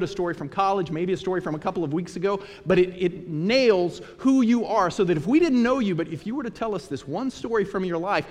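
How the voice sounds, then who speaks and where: Animated preacher in a reverberant hall. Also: male voice, sits high. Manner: storytelling, animated retelling of scripture. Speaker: pastor. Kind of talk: sermon.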